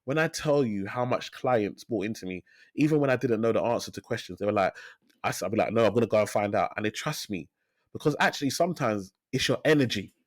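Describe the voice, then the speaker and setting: A man in his thirties, a financial advisor, talking in a casual interview as an energetic storyteller who repeats phrases for emphasis. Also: on the low side, fast, dry recording, clean studio sound. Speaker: financial advisor, podcast guest.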